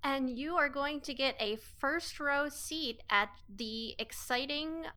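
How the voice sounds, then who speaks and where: A woman playing a slow, forced-cheerful captain. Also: high-pitched, pushed and bright, exaggerated voice. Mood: falsely cheerful.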